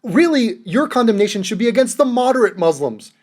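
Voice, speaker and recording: A man's voice: extremely high pitch, very animated, a little fast, darkish tone. A man giving a sarcastic, profane commentary rant, mocking and exasperated as he reacts to a clip. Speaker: commentary vlogger.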